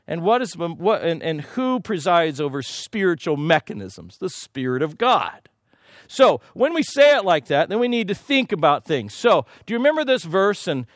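A middle-aged man delivers a sermon in a relaxed, conversational way, throwing rhetorical questions and asides at his listeners. His voice sits high for a man. The recording is close and dry, with no room echo. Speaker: preacher.

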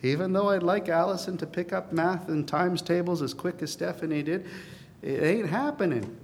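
A man preaching a sermon as pastor, earnest, swelling to emphatic peaks and then dropping to a softer, confiding tone. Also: high voice, moderate pace, big-room sound, a little hiss or hum.

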